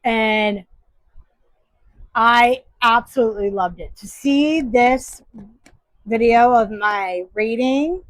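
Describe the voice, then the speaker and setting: A woman's voice: a little high, slow, pauses often, no echo, poor audio. A woman book vlogger casually reviewing her monthly reads, enthusiastic and emphatic.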